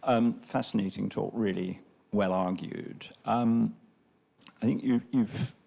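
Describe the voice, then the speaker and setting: Croaky low-voiced man asking a question. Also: slow, warm tone. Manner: rambling, musing questioner. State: slightly croaky voice. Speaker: audience member asking a question.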